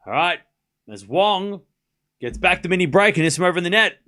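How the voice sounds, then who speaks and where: A man's voice: sits high, a little fast. A man with an accent hosting a live tennis watchalong stream, calling points play by play in short bursts and replying to chat. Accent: non-native English accent. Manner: calls points in short bursts, swings up excitedly on big points. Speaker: livestream tennis watchalong host. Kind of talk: live play-by-play scoring commentary mixed with chat replies.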